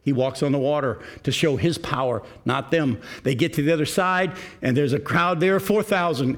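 A man's voice: fairly high pitch, moderate pace, few pauses. A male pastor preaching a sermon in a conversational way, asking his listeners questions.

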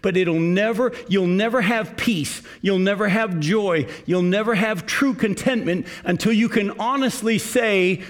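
This older man is a pastor giving a sermon. He reads scripture slowly and emphatically, then addresses the congregation earnestly and conversationally, his voice sitting high.

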